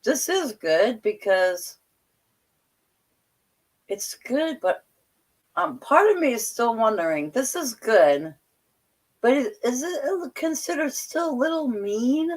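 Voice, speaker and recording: A woman's voice: on the high side, big pitch swings, takes it slowly, pauses often. A woman hosting casual panel talk on an online stream, chatty and questioning, and laughing often.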